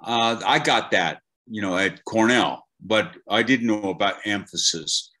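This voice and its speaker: A man's voice: on the low side, measured pace. An older man, a voice acting teacher, talking animatedly as an interview guest, with frequent restarts. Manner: animated storyteller, many restarts. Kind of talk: conversational interview.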